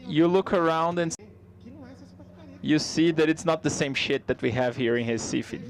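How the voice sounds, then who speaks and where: Male live interpreter voicing a comedy routine; somewhat high pitch, conversational, halting with restarts. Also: little pitch movement, vocal fry.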